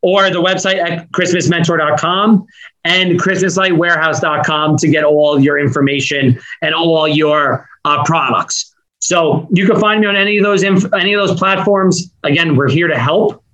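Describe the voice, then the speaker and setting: A man with a Northeastern US accent, a podcast guest talking fast and with energy in run-on sentences. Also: fairly high pitch, a bit bright, rough recording. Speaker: podcast guest, business owner. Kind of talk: fast casual interview talk.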